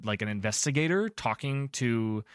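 A man narrating as game master in a tabletop game, chatty and descriptive and filling his pauses with um and uh. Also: mid-range voice, animated, clean tone, no room sound, studio quality.

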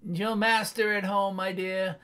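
A man voicing an elderly miser turned jubilant and generous, exuberant and playfully gruff, in an audiobook reading. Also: high voice, level tone, moderate pace, bright, forceful tone. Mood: tender. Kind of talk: audiobook character voice.

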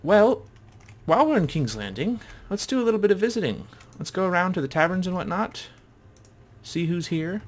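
A man's voice: high-pitched, very animated, normal speed. A man casually commenting as he plays a game, chatty and thinking aloud. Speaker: gamer.

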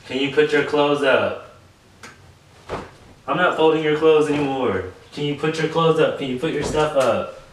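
A man's voice: a little high, moderate pace, long pauses. Exasperated man in an echoey room. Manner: exasperated, nagging, repeating himself. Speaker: vlogger. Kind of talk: casual prank video talk. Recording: echoey room, mic far off, faint noise.

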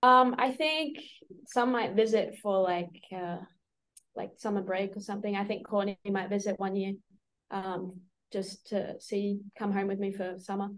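A woman's voice: medium pitch, fairly even intonation, unhurried, a bit bright. A young woman with an Australian accent, a college basketball player answering interview questions in an easygoing, chatty, teasing way over a video call. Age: young adult.

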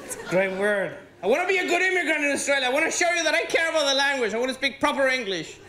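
A man from Venezuela with a Venezuelan Spanish accent, Spanish-speaking by birth, doing animated, profane stand-up comedy on stage. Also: very high-pitched, very fast, a faint crowd, a little hiss or hum. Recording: roomy theatre with audience laughter.

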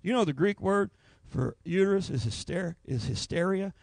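A man's voice: high voice, normal speed, gravelly, no echo. A man preaching a Pentecostal revival sermon, telling folksy stories and acting out voices. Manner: animated, folksy storytelling with acted voices.

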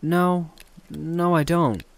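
A man's voice: fairly high pitch, fairly even intonation, drawn-out words, gravelly, pitched above the performer's own voice, heavily acted. A man voicing a rambling teen boy genius. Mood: excited. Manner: eager, rambling, boastful. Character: excitable teenage boy inventor, brother.

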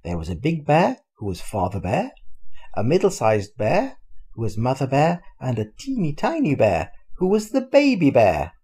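An older man, a grandfather, reading a children's storybook aloud in a lively, expressive way. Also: mid-range voice, normal speed, slightly rough.

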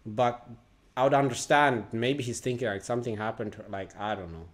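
A man's voice: mid-range voice, steady tone, brisk. A man hosting a reaction video, joking loosely and laughing as he comments.

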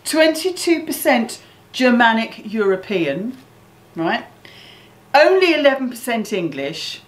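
A woman's voice: a little high, big pitch swings, slow, roomy sound, low-quality recording. A woman hosting a home cookery video in her kitchen, chatty and playful, teasing herself and her partner. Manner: chatty, playful, self-mocking. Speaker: cookery host. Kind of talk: casual cooking show chat.

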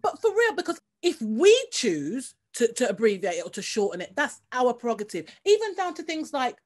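High-voiced woman host, emphatic. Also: sing-song, a little fast. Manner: emphatic, conversational, laughs easily. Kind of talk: casual interview chat.

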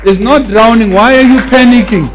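A man preaching a sermon with animated emphasis, often repeating words to drive a point home. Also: very high voice, moderate pace, faint music behind.

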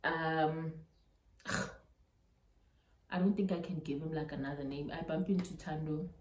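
A young South African woman with a South African accent tells a storytime vlog in animated style, mixing local-language words into her English. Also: sits low, slow, a little hiss or hum. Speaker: YouTuber. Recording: roomy echo.

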